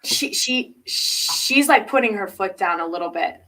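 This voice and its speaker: A woman's voice: mid-range voice, lively intonation, a little slow, pushed and bright, a little hiss or hum, rough recording. A woman working as a psychic medium, giving a live spiritual reading over video in an emphatic, repetitive and reassuring way.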